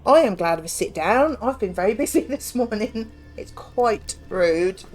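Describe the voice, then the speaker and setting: A woman's voice: mid-range voice, expressive, normal speed, faint music behind. A woman chatting casually as a streamer while playing a game, rambling and self-mocking. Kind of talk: casual chat while gaming.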